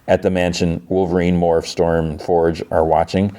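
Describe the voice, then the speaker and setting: Low, mellow man casually recapping a show. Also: level tone, moderate pace, few pauses. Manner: chatty, filler-heavy retelling with frequent "like". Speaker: podcast host.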